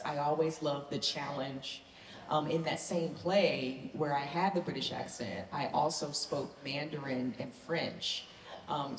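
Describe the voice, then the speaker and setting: Southern-born actress on a convention panel; low voice, eager and earnest, echoey hall with faint hiss. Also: female voice. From American South. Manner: enthusiastic, earnest. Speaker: actor guest on a convention panel. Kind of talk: panel Q&A answers.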